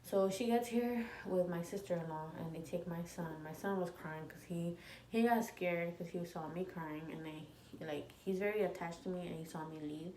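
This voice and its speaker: A woman in her twenties telling a storytime vlog, animated and swearing freely as she quotes people in her story. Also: on the low side, normal speed. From United States. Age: 20s. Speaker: vlogger. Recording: echoey room with faint ambient noise.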